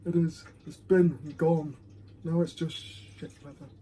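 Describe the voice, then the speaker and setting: A man's voice: on the high side, steady tone, measured pace, dark tone. A man chats his way through a whisky tasting at home, talking into his phone in a loose, self-deprecating ramble full of ums. There is a faint hiss behind him. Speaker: whisky reviewer. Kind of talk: casual rambling review. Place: home room. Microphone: phone camera.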